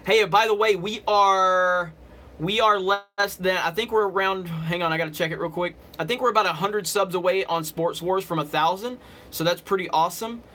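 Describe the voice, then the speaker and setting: A man's voice: high-pitched, moderate pace, bright, forceful tone. Upbeat man chatting casually as host. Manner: chatty, thanks viewers by name, thinks aloud. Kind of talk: casual live-stream chat.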